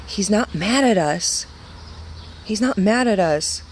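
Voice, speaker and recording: A woman's voice: mid-range voice, expressive, slow pace, slight background noise. A young woman leading a women's ministry, giving an earnest devotional talk and repeating phrases for emphasis.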